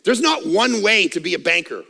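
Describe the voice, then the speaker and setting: A middle-aged man preaching a sermon on a headset mic, loud and energetic, with self-mocking humor. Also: high voice, moderate pace, vocal fry, in a large hall. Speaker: pastor. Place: church auditorium. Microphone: headset microphone.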